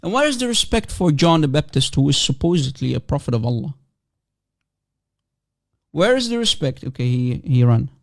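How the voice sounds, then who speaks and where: A man's voice: mid-range voice, fast, creaky, hardly any pauses. A man hosting a heated online debate, combative and mocking, hammering the same question over and over. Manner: combative, mocking, repeats himself insistently. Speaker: debate livestream host.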